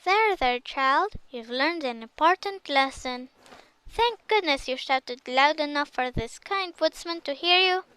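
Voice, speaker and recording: A woman's voice: high-pitched, lively intonation, a little slow, bright, forceful tone, dry recording, heavily acted. A woman doing a doting old granny. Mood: relieved. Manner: fluttery and doting. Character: fussy kindly old grandmother.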